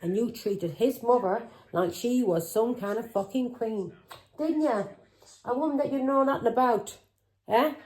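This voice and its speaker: A woman's voice: fairly high pitch, unhurried, a little mellow, rough recording. A middle-aged woman, a tarot reader who talks in an angry, accusing way, swearing and firing taunting questions. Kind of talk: tarot reading vlog.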